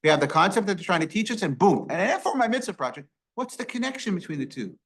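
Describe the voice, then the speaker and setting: A rabbi leading a Torah study class, asking rhetorical questions and quoting Hebrew verses. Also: male voice, high-pitched, very animated, fast talker, a bit bright. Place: synagogue classroom.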